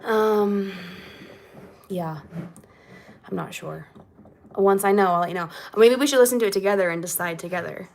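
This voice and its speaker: A woman's voice: mid-range voice, normal speed, vocal fry, long pauses, slight background noise. A young woman, a singer, livestreaming from her small home and chatting casually with her viewers, giggling often and reading their comments aloud. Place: small home basement apartment.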